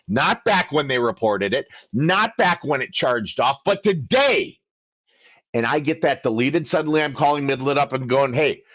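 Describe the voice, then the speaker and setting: A man hosts a live question-and-answer session as a credit coach, talking emphatically, and he acts out both sides of phone calls. His voice sits a bit high and swings widely in pitch. The recording is dull and lo-fi, with a dry sound and no room echo. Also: fairly bright tone. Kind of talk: livestream Q&A talk.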